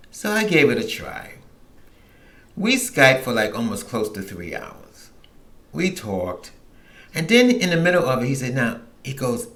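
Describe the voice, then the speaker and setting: Frank, rambling middle-aged man with a bright voice. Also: medium pitch. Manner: frank, rambling, with many restarts and quoted asides. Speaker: podcast host. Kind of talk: candid personal storytelling.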